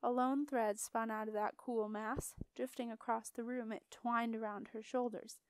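A woman narrating a fantasy novel aloud in a steady, expressive storybook reading. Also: on the high side, normal speed, smooth, no room sound. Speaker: audiobook narrator.

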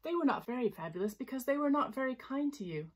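A proud young storybook unicorn speaking earnestly and with emphasis, as a woman reader puts him on. The voice swings lively up and down with a husky, breathy grain. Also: high-pitched, fast, pitched above the performer's own voice. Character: proud young male unicorn, learned kindness.

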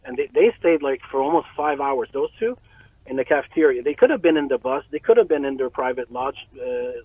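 Excitable, swearing man on a phone line. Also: medium pitch, brisk, husky, dry recording. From Montreal, Canada. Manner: excitable, profane, laughs often. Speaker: guest, rapper and chef. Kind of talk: casual storytelling. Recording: tinny dry phone-like line.

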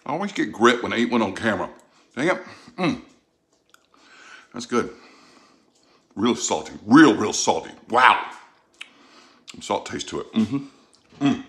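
Fairly low-pitched with big swings in pitch, this middle-aged man from the Gulf South talks a little slowly and leaves long pauses. He's a cooking vlogger with a Southern accent, chatting in a folksy way and thinking out loud as he tastes food in a casual home cooking video.

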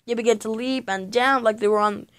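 Female reader for a children's book, slightly high voice, dramatic and expressive. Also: a little fast, smooth. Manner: expressive, dramatic storytelling with sound effects. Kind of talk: reading a children's chapter book aloud.

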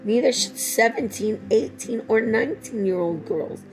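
A woman's voice: on the high side, lively intonation, moderate pace, faint music behind, rough recording. A middle-aged woman in a rambling personal monologue, profane and swinging between tender and angry.

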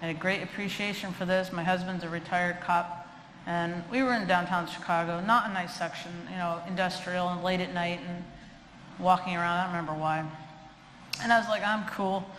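A middle-aged dog trainer lectures in a lecture hall, her lowish voice moving a little fast as she shares humorous anecdotes. Chatty and animated, she performs the voices she quotes; the hall sounds echoey, with faint background noise.

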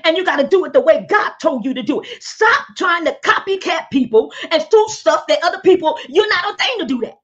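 A woman's voice: extremely high pitch, lively intonation, brisk, hardly any pauses, highs cut off. A woman pastor hosting an online talk show, preaching fervently over a video call, urging listeners and bursting into hallelujahs and tongues. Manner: emphatic and exhorting.

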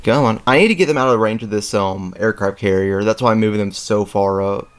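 A young man hosting a let's play, rambling casually with lots of fillers and throat clearing as he plays a strategy game. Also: lowish voice, fast. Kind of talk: casual gameplay commentary. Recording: faint game music behind.

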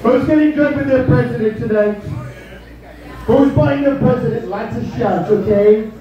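A man's voice: extremely high pitch, moderate pace, mellow, very echoey, distant mic, lo-fi sound. A man doing a live stand-up impression of a brash, boastful older male politician, rambling and tacking "okay?" onto his lines. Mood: boasting. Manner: rambling, bragging, repeats "okay?".

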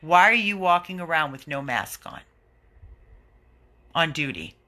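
A man's voice: fairly high pitch, big pitch swings, measured pace, bright, forceful tone. A man who runs an animal rescue, giving an indignant, earnest video update to his followers.

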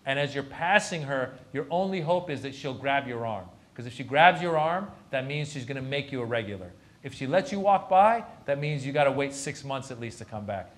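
Male comedian telling a story at a talk, animated, does the other people's voices, mid pitch. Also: fairly quick, hardly any pauses. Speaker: comedian guest at a university lecture. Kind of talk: storytelling anecdote in a Q&A.

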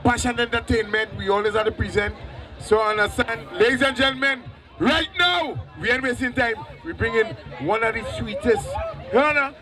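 A man's voice: extremely high pitch, normal speed. A man from Grenada with a Grenadian accent, singing and calling out to the crowd on stage in a live soca show. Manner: chanting call-and-response, half sung. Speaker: singer on stage. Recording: loud live event, music and crowd.

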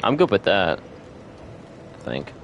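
A man's voice: low voice, wildly swooping pitch, a little slow, muffled recording, slight background noise. A young man streaming a video game with a friend, chatting casually, swearing freely and laughing often. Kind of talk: casual chat while gaming.

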